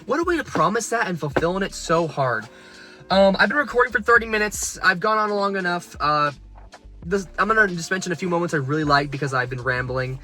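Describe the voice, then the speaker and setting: A man giving a rambling, excitable spoken book review from his car, swearing freely as he talks. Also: high-pitched, brisk, faint music behind. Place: parked car.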